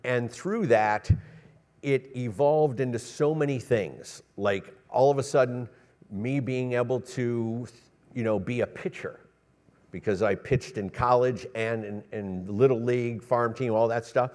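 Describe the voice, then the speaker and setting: A middle-aged man, a cinematographer, telling stories on an expo stage with lively quoted voices and laughter. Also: mid-range voice, a little slow. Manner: animated storyteller, acts out quotes, laughs often. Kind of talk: storytelling on a panel. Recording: reverberant expo hall.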